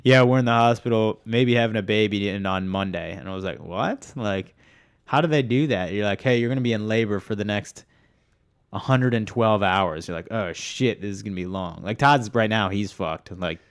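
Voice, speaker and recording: A man's voice: fairly low pitch, moderate pace, clear, resonant tone, dry recording, studio quality. A man co-hosting a podcast, chatting casually and telling loose, joking stories with swearing. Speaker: podcast co-host. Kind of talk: casual chat.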